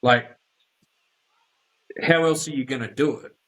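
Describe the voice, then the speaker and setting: A man's voice: mid-range voice, unhurried, fairly bright tone, poor audio. An Australian man hosting a podcast in casual chat, talking bluntly and emphatically with lots of swearing. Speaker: podcast host.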